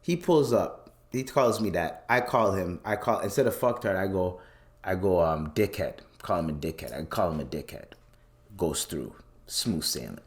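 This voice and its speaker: A podcast host in his late twenties tells a story as a loose, profane rant, speaking expressively at a moderate pace. Whenever he gets worked up, his voice jumps up high.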